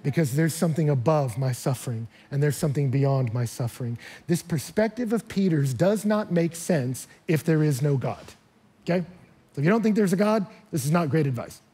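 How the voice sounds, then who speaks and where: Husky pastor guy preaching, kinda high voice, gets loud and emphatic on the big points. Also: lively intonation, fairly quick. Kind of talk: sermon. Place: church hall.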